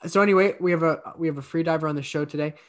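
Guy hosting a comedy podcast, kinda high voice, rambly and stammery. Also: steady tone, racing. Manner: rambling, stammering with many restarts. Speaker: podcast host. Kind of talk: improvised comedy chat.

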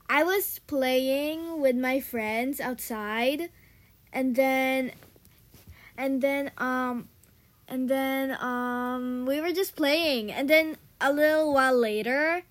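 A woman's voice: high voice, slow pace. A young woman co-hosting a casual podcast, telling a story with lots of "and then, um" and giggles. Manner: rambling, full of "and then, um", giggly. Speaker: podcast co-host.

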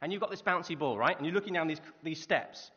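A man's voice: a little high, fast, breathy edge. A man preaching a sermon in a church, telling stories and asking the listeners questions. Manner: lively storytelling with rhetorical questions. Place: church hall. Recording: muffled reverberant hall recording.

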